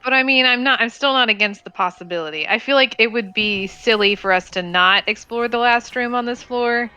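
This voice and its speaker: Casting note: woman, tabletop player, bright edgy voice, joking, faint music. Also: a little high, brisk, clear, resonant tone. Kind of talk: casual tabletop play.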